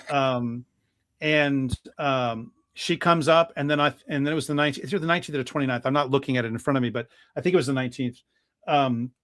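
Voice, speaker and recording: A priest telling a church history story in a lively talk-show conversation, with plenty of fillers and restarts. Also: male voice, mid-range voice, no echo. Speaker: guest priest.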